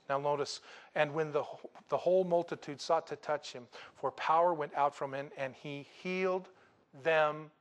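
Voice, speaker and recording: A man preaching a sermon, telling a personal story dramatically and swinging from loud bursts to hushed lines. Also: a little high.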